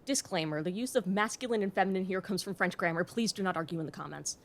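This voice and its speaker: A woman hosting an educational video, narrating from a script in a clear, explanatory way with the occasional wry aside. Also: on the low side, fast. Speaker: host.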